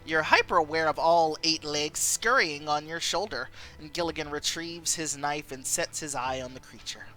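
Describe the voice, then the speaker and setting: A woman's voice: low-pitched, moderate pace, sharp tone, faint music behind. A woman streamer reading a story game aloud and chatting with viewers, with frequent giggles.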